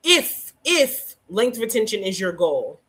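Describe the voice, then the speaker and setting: A woman hosting a casual hair care livestream, teaching and teasing viewers by name in an animated way. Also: mid-range voice, slow, breathy edge.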